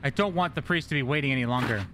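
A man's voice: medium pitch, rapid-fire, pushed and bright, a little hiss or hum, close to an everyday voice. A man voicing a devout neighbor who speaks of the priest with eager reverence. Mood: reverent.

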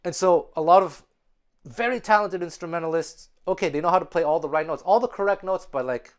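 A man teaching a music lesson, talking earnestly and conversationally, often restarting his sentences. His voice is smooth and resonant and sits a little high for a man. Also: fairly quick. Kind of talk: spoken lesson.

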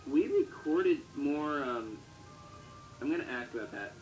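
A man's voice: on the high side, animated, a little slow. A man co-hosting a casual video-chat update, rambling and joking as he corrects himself. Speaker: co-host. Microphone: Wii U chat mic. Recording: echoey room with loud music.

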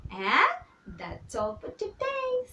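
Woman, kindergarten teacher, high lively voice, roomy echo, a bit far from the mic. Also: muffled recording, noisy background. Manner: slow, repetitive, encouraging drills for small children. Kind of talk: online handwriting lesson for young children.

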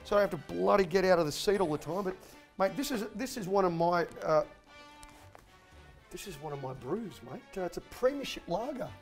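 A man's voice: high-pitched, animated, a little fast, faint music behind. An Australian man hosting a comedic sports talk show, blokey and rambling, calling everyone mate.

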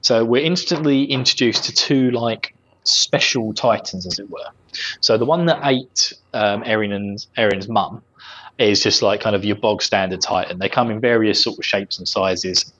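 A man's voice: on the low side, normal speed, fairly bright tone, slightly rough, lo-fi sound. A man co-hosting a casual podcast, chatting loosely and laughing often. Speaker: podcast co-host. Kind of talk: casual chat.

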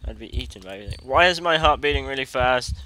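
A man's voice: mid-range voice, lively intonation, quick pace, sharp tone, a little hiss or hum. A man commenting on a horror game as he plays, joking and talking as the toddler he controls, with sudden startled yelps. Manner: jokey, talks as the toddler he plays, jumpy yelps. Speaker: gaming commentator.

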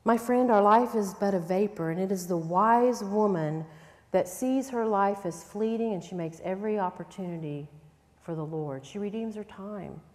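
A woman's voice: mid-range voice, moderate pace, darkish tone. A middle-aged woman teaching a sermon at a women's conference, earnest and emphatic, with frequent rhetorical questions. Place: large church hall. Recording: long hall reverb.

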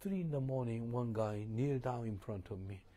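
A man preaching a sermon, questioning the congregation and moving between loud emphasis and hushed tones. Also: mid-range voice, moderate pace. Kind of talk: sermon with call-and-response.

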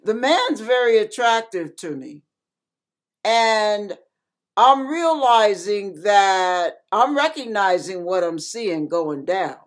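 Slow, earnest older woman preaching a warning. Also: medium pitch, very animated. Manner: earnest, folksy and direct, with humorous asides. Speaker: ministry channel host and pastor. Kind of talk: sermon-style talk recounting a dream as a warning.

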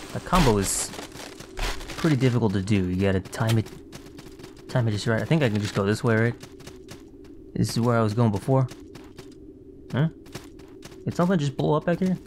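Against background noise, a man on his gaming channel mutters casual commentary to himself while playing, sleepy and yawning, with occasional swearing and an admission of drowsiness. His mid-range voice is expressive, moderately paced, with long pauses.

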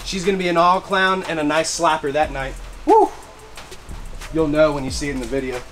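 A man showing off his gear in a casual vlog, excitable and slangy, repeating catchphrases and whooping. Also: a little high, fast talker. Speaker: fireworks vlogger. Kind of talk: casual show-and-tell vlog. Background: background music.

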